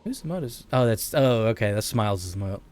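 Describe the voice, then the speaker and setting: A man in his late twenties chats casually on a live stream while gaming in his bedroom, rambling and chuckling often. His lowish, darkish voice is animated and a little fast, picked up by a streaming mic with a noise gate.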